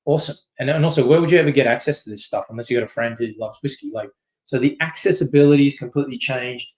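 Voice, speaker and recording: A man giving a long, informal presentation, speaking in quick loose bursts. He leans on fillers and keeps checking in with "right?". His voice sits at an ordinary middle pitch for a man. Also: low-quality recording. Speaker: company CEO giving a masterclass. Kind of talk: casual presentation talk.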